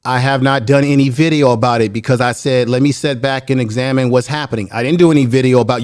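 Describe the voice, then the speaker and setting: A man arguing on a heated online panel, emphatic and pressing to finish his point, then building his case slowly. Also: mid-range voice, a little mellow, no room sound, clean studio sound. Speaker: panel guest.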